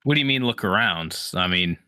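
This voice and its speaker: A man's voice: low voice, expressive, brisk, sharp tone, no room sound, clean studio sound. A man playing a tabletop game, talking in a laid-back, hesitant way with lots of fillers. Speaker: player. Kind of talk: casual tabletop role-play.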